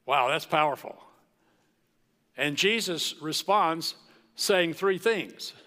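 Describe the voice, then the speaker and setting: A man preaching a sermon as pastor, slow and emphatic, with dramatic pauses. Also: a little high, a bit bright. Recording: long reverb of a large hall.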